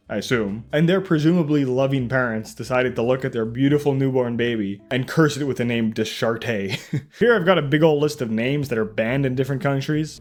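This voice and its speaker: A young man hosting a comedic reaction video, sarcastic and incredulous, often laughing and acting out mock dialogue. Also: medium pitch. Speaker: YouTube reaction host.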